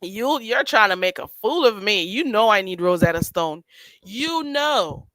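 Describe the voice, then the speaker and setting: Lady streamer, sassy chat, bright sharp voice, dry close mic. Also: mid-range voice, a little slow, no echo. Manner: sassy, animated, laughing often. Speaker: livestream host. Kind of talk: casual commentary chat.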